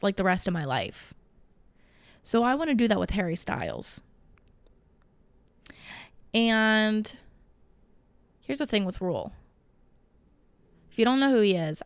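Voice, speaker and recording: A woman's voice: medium pitch, creaky, clear, resonant tone, dry recording. Chatty young woman, dry close sound. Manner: chatty, gushing, rambling with fillers and self-corrections. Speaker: vlogger. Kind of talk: casual chat to camera.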